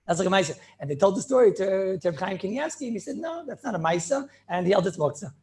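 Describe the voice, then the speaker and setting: Man, middle-aged, high voice, rabbi teaching a chatty yeshiva class, repeats phrases, mixes in Hebrew and Yiddish terms. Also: animated, racing, darkish tone. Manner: conversational, repeats himself, peppers speech with Hebrew and Yiddish terms. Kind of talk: informal yeshiva shiur with student questions.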